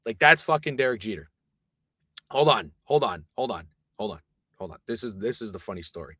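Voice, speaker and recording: A man streaming live, telling a long rambling story in casual, profane, animated talk. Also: lowish voice, brisk, breathy edge, dry recording, clean studio sound.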